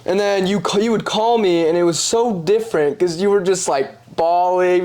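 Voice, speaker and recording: A young man as a podcast guest, talking casually and telling stories with lively put-on voices for the people he quotes. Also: high-pitched, moderate pace, hardly any pauses. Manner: animated storytelling, acts out quoted voices, swears casually. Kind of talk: casual conversation.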